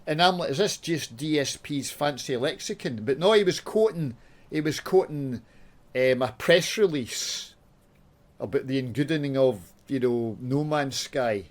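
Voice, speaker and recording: A Scottish man talking off the cuff to his viewers, with a voice of middling pitch. He rants and swears in broad dialect, dropping to mutters while he works through a game. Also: lively intonation, unhurried. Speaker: YouTuber. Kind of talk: casual gaming chat with swearing.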